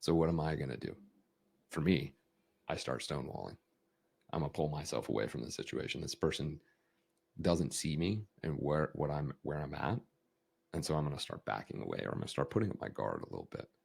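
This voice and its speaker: A man hosting a podcast, talking through ideas in a conversational coaching style, acting out emotions with big shifts in tone. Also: a little fast. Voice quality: deep gravelly husky voice. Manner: animated, acts out emotions with big swings in tone. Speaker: podcast host.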